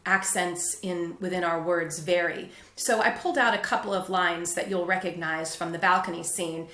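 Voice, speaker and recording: A woman teaching a literature lesson, explaining patiently and clearly. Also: lowish voice, steady tone, normal speed, a bit bright, roomy sound. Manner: clear, patient explaining, with brief read-aloud quotes.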